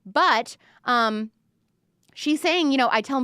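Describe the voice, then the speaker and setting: Animated young woman, higher voice. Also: normal speed, clear, resonant tone, no room sound, studio quality. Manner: animated, acts out quoted lines with big pitch jumps. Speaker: commentator reviewing an album. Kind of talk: casual reaction commentary.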